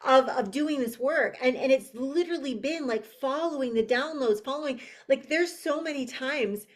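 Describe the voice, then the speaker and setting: A woman's voice: sits high, normal speed. A woman guest on a podcast telling a personal spiritual story in an earnest, emotional way, often restarting her sentences.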